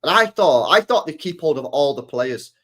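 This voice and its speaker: Lively man ranting on stream. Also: on the high side, moderate pace. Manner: animated, repetitive, slangy and sweary. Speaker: streamer host. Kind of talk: live stream football rant.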